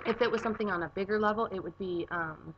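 A woman's voice: medium pitch, fast, a bit bright, lo-fi sound, a little hiss or hum. A young woman chatting casually on her vlog from her garage, rambling with plenty of filler words. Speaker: vlogger. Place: home garage.

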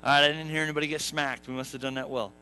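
A man's voice: a little high, little pitch movement, racing, pushed and bright, clear, resonant tone, rough recording. A young adult man preaching a humorous sermon in a church, acting out the characters and asking the congregation questions. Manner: jokey storyteller, acts out characters, asks the congregation. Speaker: pastor. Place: church sanctuary.

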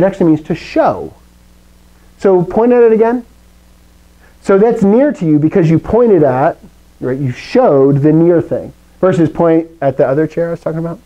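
A man leads a Greek lesson in a classroom full of students. His voice sits a little high yet sounds mellow and warm. He talks in an animated way, with big pitch swings and playful asides. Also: lo-fi sound. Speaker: Greek teacher. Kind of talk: live classroom lecture.

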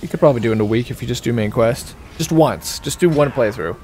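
Male game streamer, mid-pitched and casual, coaches a buddy mid-fight, light background noise. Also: quick pace, a little mellow. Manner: chatty, coaching a teammate through fights. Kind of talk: casual gameplay commentary.

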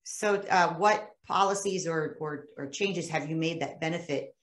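A woman's voice: sits low, normal speed. A woman hosting an interview, friendly and often restarting her questions. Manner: friendly, searching for words, repeating herself. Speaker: podcast host. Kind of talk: casual interview conversation. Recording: roomy echo.

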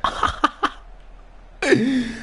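A man's voice: very high-pitched, drawn-out words, a crowd in the background. A young man streaming a football video game, chatting casually with crude swearing and joking banter. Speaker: gaming streamer. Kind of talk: casual gaming-stream chat.

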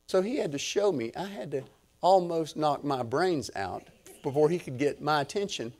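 An older man, preaching a sermon through a lively personal story, swinging from low murmurs to loud excited bursts. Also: normal speed. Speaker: pastor.

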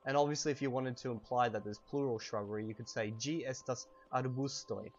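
A man giving a casual language lesson while playing a video game, saying example phrases slowly and making quick offhand asides. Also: mid-range voice, muffled recording, faint music behind. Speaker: language teacher and gamer. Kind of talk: casual lesson over gameplay.

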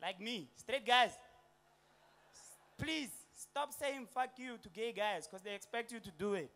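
High-voiced South African comedian on stage. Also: male voice, unhurried. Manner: animated, slips into voices and township slang. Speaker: stand-up comedian. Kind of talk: stand-up comedy set. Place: comedy stage before a live audience.

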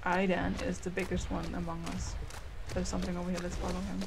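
Woman gamer doing casual let's play commentary, playful, goofy, with game audio clearly audible behind. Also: on the low side, monotone, quick pace, background noise. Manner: chatty, playful, goofy asides. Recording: game sounds loud behind voice. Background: game audio, dinosaur calls.

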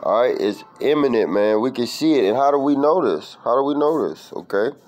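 A man's voice: medium pitch, lively intonation, a little fast, darkish tone, rough recording. A man preaching informally from scripture, reading verses and word definitions aloud in a street-style, profane way, ending lines with "man". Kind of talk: informal scripture study talk.

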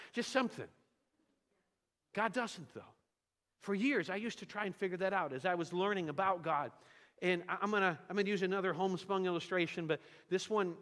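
A man's voice: high-pitched, a bit bright. A man preaching a sermon as a visiting pastor, telling homespun stories with humor and animation. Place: church sanctuary. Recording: church hall reverb.

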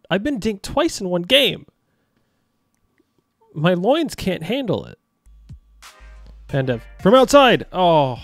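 A young man giving jokey, excitable commentary over his own video game match, yelling at the big moments. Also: sits high, slow, long pauses, no room sound, soft background music. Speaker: gaming YouTuber. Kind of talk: live gameplay commentary.

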